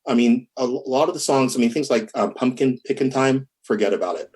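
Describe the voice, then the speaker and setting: A man recounts studio mishaps in a loose, chatty interview. He talks in bursts, restarts sentences, laughs along with his own stories and hums drum patterns out loud. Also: mid-range voice, a little fast. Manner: animated, laughing, hums rhythms, many restarts. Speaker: musician guest. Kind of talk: casual storytelling interview.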